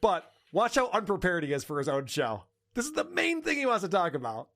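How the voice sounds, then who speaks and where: Male podcast host, high-ish and animated, mocking tone, casual commentary. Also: fairly quick. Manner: mocking, laughs often.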